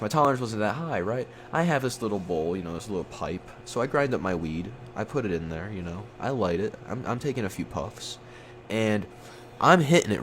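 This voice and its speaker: A young man with a lowish voice tells a story casually, rambling and swearing freely as he goes. He jumps up in pitch whenever he acts out quoted lines. A faint hum of room noise sits behind him. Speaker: storytime YouTuber.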